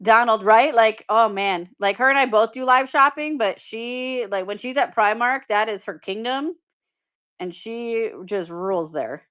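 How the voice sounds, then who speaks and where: A woman's voice: a little high, a little slow, a bit bright, smooth. A woman hosting a live-stream pin auction, chatting casually and upbeat with viewers and laughing often. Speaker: live shopping seller.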